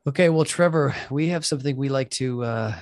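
A man's voice: medium pitch, brisk, dry recording, studio quality. A man hosting a podcast, encouraging his guest in a friendly way and using many fillers. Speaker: podcast host. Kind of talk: casual interview chat.

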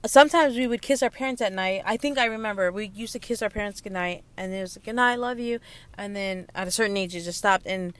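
Emotional young mother, halting and teary. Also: mid-range voice, fairly bright tone, no echo. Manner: halting, emotional, many restarts and pauses. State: close to tears. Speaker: young mother sharing her story. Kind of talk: candid personal monologue.

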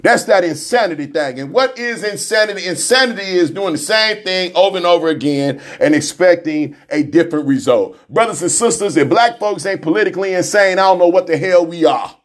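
Intense, high-voiced male radio host. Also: animated, a little fast, few pauses. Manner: intense, preacherly, shouting and repetitive. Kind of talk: fiery radio monologue.

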